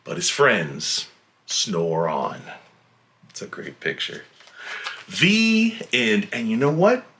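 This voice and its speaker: Man, storybook reader, playful, slow pace, bright tone. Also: fairly low pitch, a little hiss or hum. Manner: playful, animated, voices the animals. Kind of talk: reading a picture book aloud.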